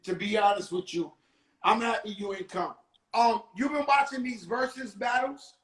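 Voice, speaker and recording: A man's voice: high-pitched, normal speed, fairly bright tone, echoey room. A man hosting a casual interview over a video call, a little tipsy, joking loosely with plenty of cursing. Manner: loose, joking, profane street talk. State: tipsy from drinking. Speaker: host.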